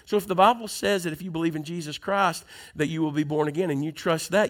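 A male pastor preaching a sermon, moving from conversational teaching to loud, emphatic preaching. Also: fairly high pitch, quick pace.

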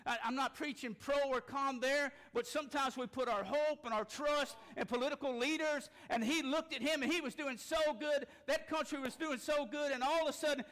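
A man preaching a sermon, folksy and impassioned, rising to shouts. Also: very high-pitched, steady tone, normal speed, hardly any pauses. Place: church sanctuary.

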